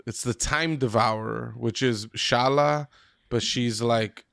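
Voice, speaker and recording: A man co-hosting a podcast, chatting excitedly about video games. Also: medium pitch, slow, vocal fry, no echo, studio quality. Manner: excitable, chatty gamer talk. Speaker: podcast co-host. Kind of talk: casual chat.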